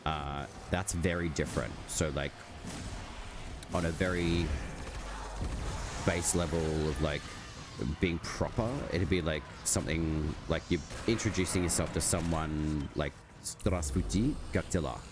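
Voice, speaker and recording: A man's voice: very deep voice, a little slow. A man streaming a game, chatting casually with his viewers and rambling with lots of "like" fillers. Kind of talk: casual live-stream chat while gaming. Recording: steady background noise.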